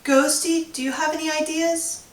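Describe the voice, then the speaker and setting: A curious young girl sleuth, as a woman reading her storybook puts her on, bright and inquisitive with a nervous edge. The sound is roomy and set back from the mic. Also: high voice, level tone, moderate pace, pitched above the performer's own voice, close to an everyday voice. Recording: roomy, distant recording.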